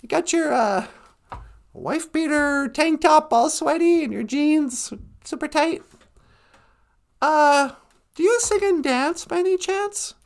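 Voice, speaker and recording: A man voicing an excitable, enthusiastic young Native man in a spoken joke. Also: very high voice, slow pace, creaky, heavily acted. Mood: admiring.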